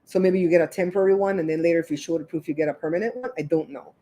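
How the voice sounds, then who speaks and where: Woman host, lowish voice, rambling chatty storyteller on a livestream. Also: steady tone, racing, background noise. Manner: chatty, rambling retelling full of asides. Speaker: show host.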